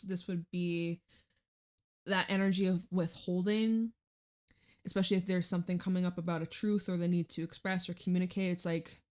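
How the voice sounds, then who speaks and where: A woman's voice: on the low side, darkish tone. A woman giving a casual tarot reading in a chatty, laughing way, full of fillers. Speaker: tarot reader.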